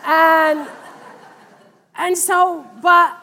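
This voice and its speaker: Woman, middle-aged, preacher, high voice, conversational sermon, long church reverb. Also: drawn-out words. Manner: conversational, animated in retold dialogue. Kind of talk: sermon with personal testimony. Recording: long reverb of a large hall.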